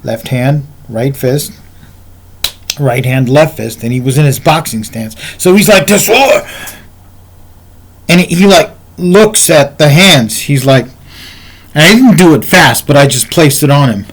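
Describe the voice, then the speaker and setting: A man's voice: medium pitch, animated, unhurried. Rambling, conversational male storyteller. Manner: rambling and conversational, with asides to the viewer. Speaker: martial arts instructor. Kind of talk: casual storytelling.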